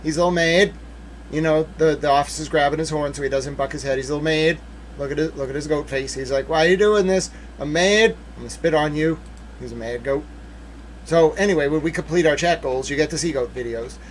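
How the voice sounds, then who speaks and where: Talking fast in a voice that sits on the high side, a man runs a casual livestream with slight background noise. He works through documents and kids around with his chat, chatty and playful, growing emphatic when something excites him.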